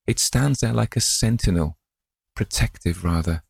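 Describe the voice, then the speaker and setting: A man with a low, creaky voice playing a dreamy, tender old gentleman who muses aloud. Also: normal speed, no room sound, clean studio sound. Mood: musing. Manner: wistful, musing aloud.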